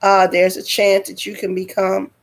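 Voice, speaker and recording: A woman's voice: medium pitch, monotone, normal speed, gravelly. A woman telling a dramatic personal story to her viewers in a storytime vlog, speaking directly to them. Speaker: vlogger.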